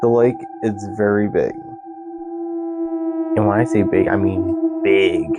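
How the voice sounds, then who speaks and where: A young man hosting his own channel, telling a story casually and reading aloud in a halting way with many restarts. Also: fairly low pitch, steady tone. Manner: halting, stumbles and restarts, repeats "that's insane". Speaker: channel host. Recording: loud music bed under voice.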